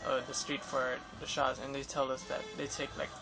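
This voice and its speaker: Over background music, a young vlogger near Los Angeles describes interviewing photographers in a rambling, filler-heavy way with frequent restarts. He speaks at a moderate pace in a creaky, monotone, medium-pitched voice. The recording quality is poor.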